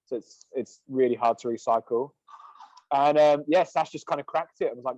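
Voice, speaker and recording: A man's voice: medium pitch, moderate pace, no room sound. A man in his thirties, a podcast guest chatting casually and rambling with lots of "like" and "um". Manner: relaxed, rambling, heavy on "like" and "um". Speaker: guest, sunscreen company co-founder. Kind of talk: casual chat. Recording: dull, dry podcast recording.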